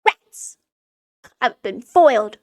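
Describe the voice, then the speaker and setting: A woman voicing a smug, gloating male candy villain from a children's storybook, speaking slowly with a drawn-out delivery. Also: fairly high pitch, lively intonation. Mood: mock dismay.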